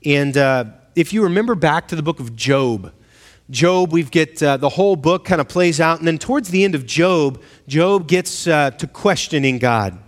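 Man, pastor, sermon, conversational, slightly higher voice, reverberant church hall. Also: expressive, moderate pace. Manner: conversational, asks the congregation questions, acts out quoted voices.

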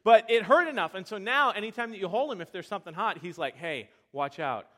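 A young male pastor with a high, bright-sounding voice preaches to a live audience. He tells animated, self-deprecating stories and restarts his sentences often. His delivery stays lively from one story to the next. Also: fast talker. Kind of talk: sermon with personal stories.

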